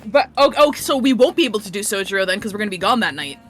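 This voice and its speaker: Chatty, bright-voiced woman streamer. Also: medium pitch, rapid-fire, soft background music. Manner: chatty, swearing, animated. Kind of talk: casual chat while gaming.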